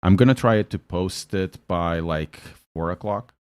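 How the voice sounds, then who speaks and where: A man's voice: sits low, a little slow, a little mellow, clean tone, no room sound. A man with a Portuguese accent chatting casually on a live stream, joking and answering chat as he drives a sim race.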